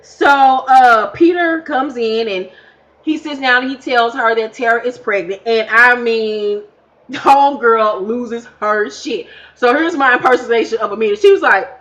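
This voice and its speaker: A woman's voice: fairly high pitch, unhurried, fairly bright tone. A woman recapping a reality show in a casual vlog, sassy, blunt and full of profanity. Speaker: reality TV reviewer.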